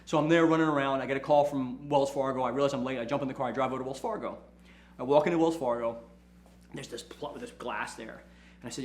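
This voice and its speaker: A man, a lawyer, giving a casual motivational talk and telling animated stories, often checking in with "right?". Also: medium pitch, fast talker, roomy sound. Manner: animated storytelling, repeats "right?", acts out quotes. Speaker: lawyer and firm owner hosting a talk.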